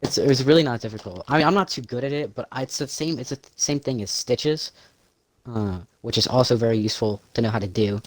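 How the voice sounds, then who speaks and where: A man's voice: medium pitch, fast talker. A man co-hosting a podcast in casual chat, rambling freely, swearing often and laughing a lot. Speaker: podcast co-host.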